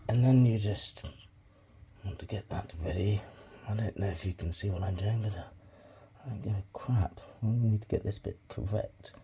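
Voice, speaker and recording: A man's voice: lowish voice, moderate pace, mellow, a little hiss or hum. Swearing, rambling man at his crafts. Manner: rambling, swears freely, mutters asides under his breath. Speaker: crafting hobby vlogger. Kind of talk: casual crafting tutorial.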